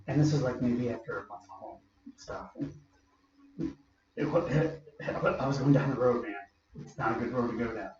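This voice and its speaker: A man's voice: medium pitch, normal speed, pauses often, a little hiss or hum. A man in his forties telling a personal story in a repetitive, emotional way. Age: 40s. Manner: repetitive, emotional, repeats phrases. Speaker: vlogger. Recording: roomy, distant, muffled recording.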